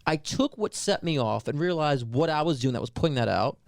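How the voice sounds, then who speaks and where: Fast-talking New York man, animated. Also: fairly high pitch, creaky, no echo, studio quality. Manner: animated storyteller, acts out voices. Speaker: life coach guest. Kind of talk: conversational podcast interview.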